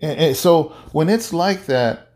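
A male pastor giving an animated, conversational sermon-like talk, often repeating himself. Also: fairly high pitch, a little slow. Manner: animated, repetitive, conversational preaching. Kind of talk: casual sermon-like chat.

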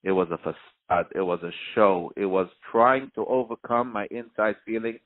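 Grieving man on a narrow phone-like line. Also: on the low side. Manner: halting, searching for words, soft-spoken. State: grieving, voice close to breaking. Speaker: bereaved father, interview guest. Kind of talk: emotional personal testimony.

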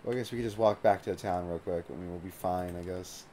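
Male game streamer, low and warm-toned, chatty and profane, light hiss underneath. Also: fairly even intonation, fast talker. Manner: loose and chatty, swears freely, leans on "like". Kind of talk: casual live gameplay commentary.

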